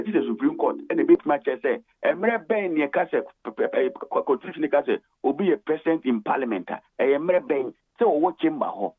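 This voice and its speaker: A Ghanaian man calling in to a radio talk show, speaking in a measured, hesitant way with many drawn-out fillers. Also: medium pitch, husky. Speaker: studio guest on the phone. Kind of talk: radio talk-show discussion mixing Twi and English. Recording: tinny phone line.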